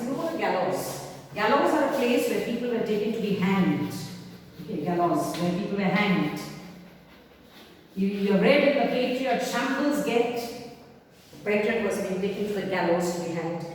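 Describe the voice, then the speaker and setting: A woman teacher, explaining a play line by line to her class, paraphrasing and checking in with "okay?". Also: mid-range voice. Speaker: literature teacher. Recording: echoey hall, distant mic, faint hiss.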